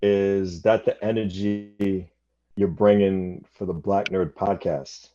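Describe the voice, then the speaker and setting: Relaxed low-voiced radio host man. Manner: relaxed, affirming with quick okays. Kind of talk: casual radio interview. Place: radio studio. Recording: dull lo-fi radio studio sound.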